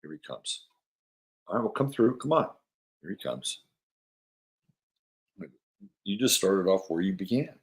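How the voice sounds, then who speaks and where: A man's voice: low-pitched, big pitch swings, a little slow, pauses often. Rambling, chatty man hosting an astrology show. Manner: rambling, chatty, repeats himself; coos softly to his dog. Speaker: astrology podcast host. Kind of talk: casual astrology talk.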